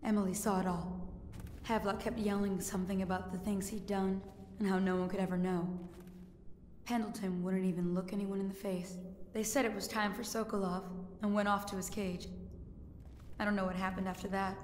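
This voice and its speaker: A somber young servant woman speaking in game dialogue, played by an actress. Her voice stays flat and even, set in a roomy, long-reverb space with a low rumble underneath. She speaks in a hushed, grave way. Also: fairly quick, natural voice. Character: worried young woman servant reporting events. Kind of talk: video game character dialogue. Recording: echoey, reverberant game audio with faint rumble.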